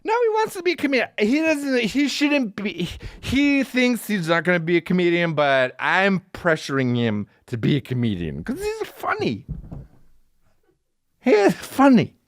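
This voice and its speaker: A flustered young man rambles in a high, jumpy voice, as a man puts him on. The sound is dry and close. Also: wildly swooping pitch, moderate pace, dry recording. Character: awkward young man, a would-be comic.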